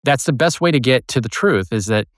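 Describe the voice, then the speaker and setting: A middle-aged man, a retired agent and author, explaining his methods in an animated way as an interview guest. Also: mid-range voice, a little fast, no echo, clean studio sound. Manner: animated, explains with examples and acted quotes.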